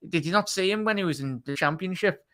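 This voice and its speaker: A man's voice: high-pitched, fast talker, a bit bright. A man as a guest on a football show, blunt and opinionated in casual chat. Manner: blunt, opinionated, says mate a lot.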